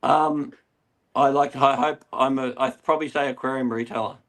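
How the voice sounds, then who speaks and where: The middle-aged aquarium retailer from Australia keeps rambling through animated stories as a guest in a relaxed interview. His voice is medium-pitched at a moderate pace.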